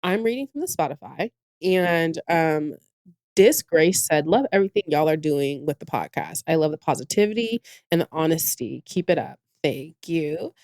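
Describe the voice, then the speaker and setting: A woman's voice: low-pitched, lively intonation, normal speed, darkish tone, no room sound. A woman co-hosting a podcast, talking bluntly in slang and joking around. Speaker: podcast co-host. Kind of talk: casual podcast chat.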